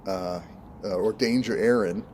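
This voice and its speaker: A man from Oregon, a minister and contractor, chatting casually as a guest in an interview, relaxed and rambling, often laughing. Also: lowish voice, a little slow, a little hiss or hum. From Oregon, United States.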